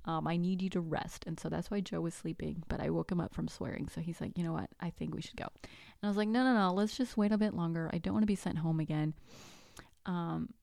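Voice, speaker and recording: Soft-voiced woman telling a personal story. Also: fairly low pitch, fast, vocal fry, no echo, studio quality. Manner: animated, acts out dialogue, drops to whispers. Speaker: podcast host. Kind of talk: casual storytelling.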